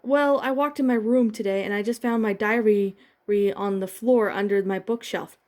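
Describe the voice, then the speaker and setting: A woman's voice: mid-range voice, steady tone, moderate pace, darkish tone, close to an everyday voice. Guarded teen girl sorceress, voiced by a woman, stern, snapping, fan-fiction reading.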